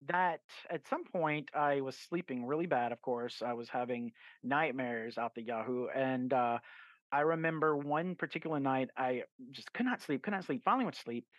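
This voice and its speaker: A man's voice: medium pitch, moderate pace, no echo. A man, a guest author, telling a story in a casual podcast interview, rambling with fillers and restarts and acting out his own quoted lines. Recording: dull, lo-fi and dry.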